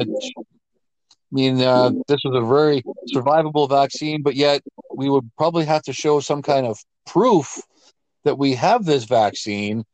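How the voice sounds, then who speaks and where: A man, co-hosting a casual political talk show and making his points emphatically with deliberate pauses. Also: fairly high pitch, no room sound, low-quality recording. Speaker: co-host.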